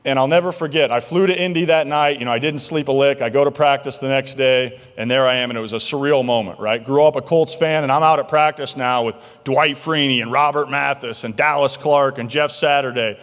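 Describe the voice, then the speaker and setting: A male keynote speaker telling stories in an animated, jokey way to a banquet crowd. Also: mid-range voice, a little fast. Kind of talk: motivational keynote storytelling. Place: large banquet hall. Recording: long reverb of a large hall.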